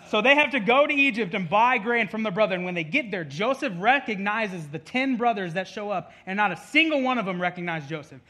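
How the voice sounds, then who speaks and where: A man's voice: sits high, lively intonation, a little fast, hardly any pauses, sharp tone. A male pastor giving a conversational sermon, with jokey asides and acted-out quotes, in a church.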